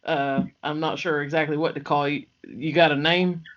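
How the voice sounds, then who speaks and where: Man doing a folksy, polite orc-raised adventurer, higher voice, muffled sound. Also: little pitch movement, normal speed, a bit bright, lightly acted. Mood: friendly. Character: orc-raised male adventurer, friendly and mannered.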